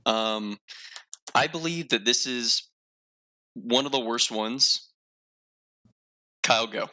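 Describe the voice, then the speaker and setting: A man's voice: medium pitch, slow pace, pushed and bright. A man hosting a casual podcast chat, rambling and self-mocking with lots of filler words. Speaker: podcast host.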